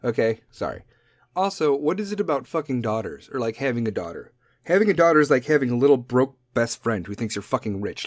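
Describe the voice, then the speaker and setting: A man's voice: animated, fast, no echo. Profane ranting man, dry close sound. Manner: profane, tangent-prone, mimics kids in high squeaky voices. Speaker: podcast host. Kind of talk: profane comedic rant.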